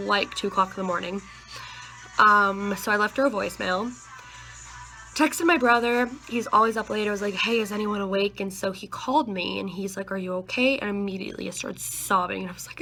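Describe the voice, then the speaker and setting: Teen girl vlogging, rambly and chatty, crisp bright voice, soft music behind. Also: medium pitch, low-quality recording. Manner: chatty, rambling, with many likes and you-knows. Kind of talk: casual vlog chat.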